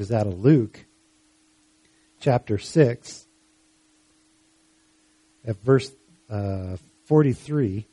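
A man's voice: mid-range voice, dark tone, no room sound. A man preaching a sermon, reading scripture passages aloud and then asking the listeners searching questions. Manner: reads scripture aloud with rising emphasis, then asks reflective questions.

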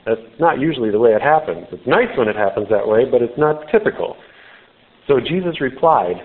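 A male preacher talks through a scripture story in an informal, explanatory way. His voice sits low. The sound is thin and band-limited, like a phone call. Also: normal speed. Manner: informal, explanatory, with "you know" fillers. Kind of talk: conversational sermon.

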